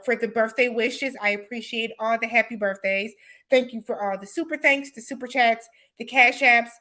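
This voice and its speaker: A woman hosting a casual livestream, her voice bright and a little high. She chats loosely with viewers, answers their comments and laughs often. Her easygoing speech is full of y'all and imma. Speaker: livestream host.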